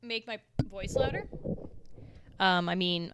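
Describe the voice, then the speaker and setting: A young woman streams live from home into a desktop microphone, chatting casually and rambling to herself as she works and answers chat. Her medium-pitched voice is animated though a little slow, and a crowd can be heard in the background.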